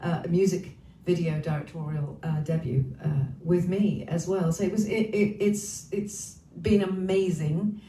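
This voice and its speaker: A chatty, foul-mouthed woman greets her viewers in a relaxed, cheeky way. Her voice sits a little away from the mic in a roomy, echoey space with a faint hiss underneath. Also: lowish voice, a little slow, recorded from a distance. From Wales. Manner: chatty, cheeky, swears freely. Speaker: singer hosting a livestream. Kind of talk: casual chat greeting viewers. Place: her home.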